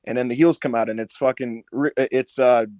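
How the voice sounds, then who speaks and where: A man co-hosting a casual wrestling podcast, telling a long story with lots of swearing and high mock voices for the people in it. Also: fairly quick, dry recording, lo-fi sound. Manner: animated storyteller, swears a lot, acts out others in high put-on voices. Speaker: podcast co-host.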